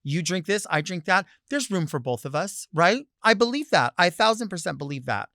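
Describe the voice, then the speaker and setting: A man's voice: lively intonation, a little fast, no echo, clean studio sound. Sassy, theatrical male talk host. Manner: sassy, theatrical, swings between loud bursts and low asides. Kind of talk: solo comedic monologue.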